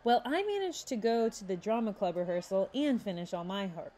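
A woman voicing a confident, sassy teenage girl with quick comebacks in a read-aloud story. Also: mid-range voice, lively intonation, mellow, lightly acted.

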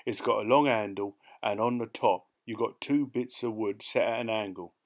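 A man voicing a sly, rat-faced male hitch-hiker with a soft, oily voice. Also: lowish voice, normal speed. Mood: innocent.

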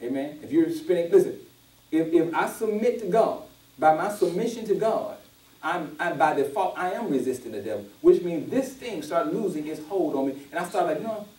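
A pastor with a fairly high voice preaches a conversational sermon at a moderate pace to a congregation that responds. He's an animated storyteller who acts out quoted voices in a casual dialect. The church audio is roomy and captured from a distance.

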